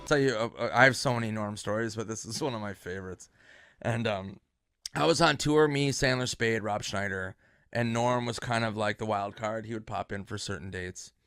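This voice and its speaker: Bright-voiced man telling a wild story. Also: fairly low pitch, moderate pace, clear, resonant tone, no echo, clean studio sound. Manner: excited, acts out shouted quotes, swears. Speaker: comedian telling an anecdote. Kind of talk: casual storytelling.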